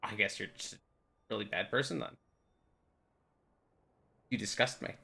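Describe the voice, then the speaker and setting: A man's voice: fairly low pitch, moderate pace, creaky, sharp tone, slightly rough. A young man giving a rambling, goofy tour of a game map, joking and putting on silly voices now and then. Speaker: game video host.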